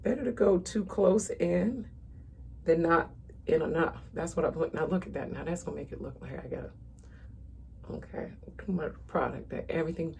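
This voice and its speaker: A chatty makeup vlogger in her thirties talks directly to the camera while doing her makeup, casually calling viewers "y'all" in a relaxed tutorial chat. Her voice is low-ish and a little mellow with vocal fry, at a moderate pace, and faint room noise hums in the background.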